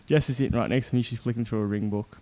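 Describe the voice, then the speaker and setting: An Australian man, a guest in a casual chat, tells a story at a rapid-fire pace in a medium-pitched voice. He's animated and laughs often while acting out what people said.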